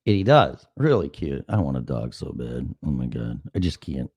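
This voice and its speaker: Middle-aged male host, deep voice swinging wide, dry close sound, profane storyteller. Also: moderate pace, breathy edge, dry recording. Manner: animated, profane, acts out dialogue. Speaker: talk show host. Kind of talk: casual chat, anecdotal storytelling.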